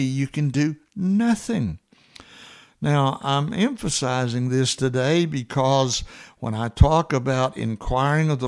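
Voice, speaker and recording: A man teaching from the Bible in a conversational sermon, earnest, with frequent fillers and restarts, who slows down and lifts his voice to repeat key verses. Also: mid-range voice. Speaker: preacher.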